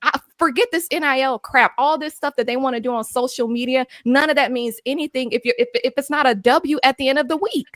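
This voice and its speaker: Fired-up high-voiced woman ranting. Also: fairly quick, few pauses, a bit bright, no room sound, clean studio sound. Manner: blunt, fired-up, repeats herself when angry. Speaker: post-game show panelist. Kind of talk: heated sports talk rant. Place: at home. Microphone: own microphone on a video call.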